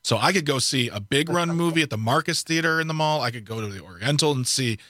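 A man hosting a casual chat, telling a relaxed story with quick asides. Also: a little high, no room sound, studio quality. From Milwaukee.

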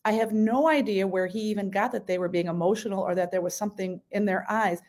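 A woman's voice: medium pitch, steady tone, fast, a little mellow. Earnest woman, plainspoken radio guest. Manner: earnest, plainspoken, some restarts. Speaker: state senator, radio guest. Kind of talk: casual radio interview.

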